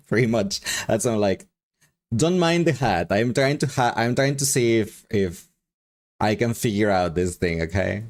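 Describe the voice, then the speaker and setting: A man's voice: lowish voice, expressive, unhurried. A man with a Mexican accent chatting casually with his live stream chat, rambling and laughing often. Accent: Mexican Spanish.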